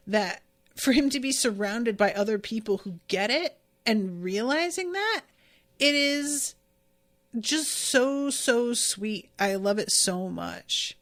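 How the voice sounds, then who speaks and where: A woman's voice: a little high, a bit bright. A woman hosting a podcast and casually recapping an episode, gushing and swearing freely. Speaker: podcast host.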